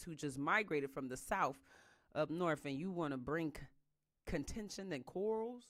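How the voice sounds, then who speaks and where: A reader working through a book chapter in a steady, even voice, then breaking off into fired-up, slangy remarks. The commentary is loud and emphatic, while the reading stays calm. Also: medium pitch, moderate pace. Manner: casual slangy speech in the asides.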